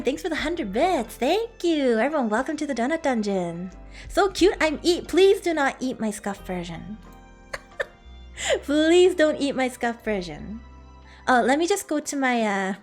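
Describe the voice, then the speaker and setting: Woman streamer, bright high voice, lively swoops, giggly, faint music underneath. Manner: playful, giggly, animated. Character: playful dragon streamer persona. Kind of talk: casual livestream chat with viewers.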